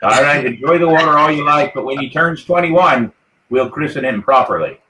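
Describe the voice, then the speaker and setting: A man's voice: on the high side, animated, brisk, reverberant, noisy background. A man hosting a live pirate-themed podcast, talking in a hearty, playful way as the ship's captain. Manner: hearty, toasting, rallying the crew. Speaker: podcast host.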